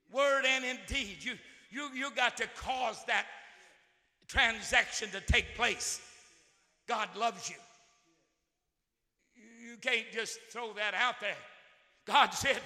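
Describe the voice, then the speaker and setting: A man preaching a sermon as pastor. He swings from quiet musing to shouted outbursts and repeats words and phrases. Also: very high voice. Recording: long hall reverb.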